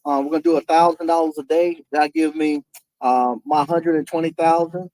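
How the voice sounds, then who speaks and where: A man's voice: fairly high pitch, steady tone, a little mellow, a little hiss or hum, rough recording. A man talking casually to camera as a vlogger, earnest and determined, often chuckling, with many fillers and restarts. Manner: halting, full of fillers and restarts.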